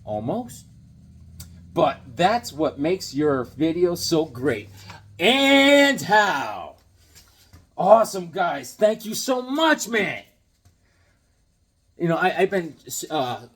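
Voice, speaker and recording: Excitable goofy man unboxing comics. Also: a little high, slow, pauses often. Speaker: comics vlogger unboxing a package. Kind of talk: casual unboxing vlog.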